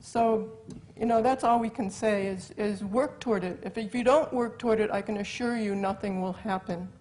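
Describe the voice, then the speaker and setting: A woman's voice: medium pitch, fairly even intonation, moderate pace, a little mellow, low-quality recording. A woman speaking plainly at a conference Q&A about working toward change.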